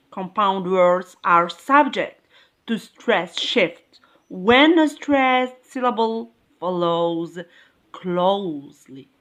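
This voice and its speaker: A woman teaching an English grammar lesson, explaining slowly and repeating key points with emphasis. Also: mid-range voice, fairly bright tone. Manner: slow, repetitive, emphatic explaining.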